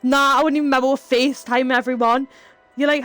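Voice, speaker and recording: A woman's voice: sits high, little pitch movement, brisk, fairly bright tone, no echo, soft background music. A woman, chatting casually with her live chat, laughing often and telling rambling stories. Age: 30s. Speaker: streamer.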